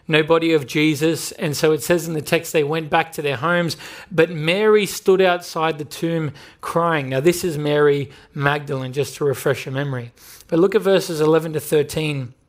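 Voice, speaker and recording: Australian male pastor, slightly high voice, earnest emphatic sermon delivery. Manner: earnest, emphatic preaching with repeated phrases. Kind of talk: sermon with prayer.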